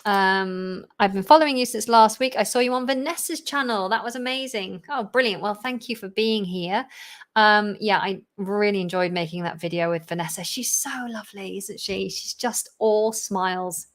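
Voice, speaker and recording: A woman's voice: medium pitch, moderate pace. A woman, a teacher answering viewer questions in a chatty live Q&A, laughing often and sounding a bit tired. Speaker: English teacher and channel host.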